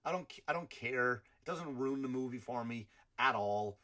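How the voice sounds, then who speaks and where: A man delivers a rambling comedy rant on his podcast. His voice is bright and forceful, and he swears freely while his loudness jumps around. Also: mid-range voice, lively intonation, normal speed.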